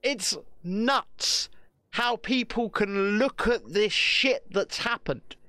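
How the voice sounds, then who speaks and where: A man's voice: high-pitched, slow pace, pushed and bright, no room sound, clean studio sound. A man co-hosting a podcast, ranting in a sweary, repetitive way. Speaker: podcast co-host. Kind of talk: sweary political rant chat.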